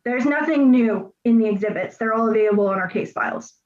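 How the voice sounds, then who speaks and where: A woman representing herself in a court hearing, politely and deliberately reading out legal filings and making her argument. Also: on the high side, darkish tone, lo-fi sound. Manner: polite, deliberate, reads legal text aloud. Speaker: self-represented parent in court.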